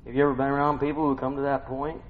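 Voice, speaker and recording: A man's voice: mid-range voice, level tone, racing. A man giving an informal sermon, talking to listeners conversationally, asking them questions and humming to himself between points. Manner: conversational, asks listeners questions, hums and affirms. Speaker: preacher. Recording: dull lo-fi recording with long hall reverb.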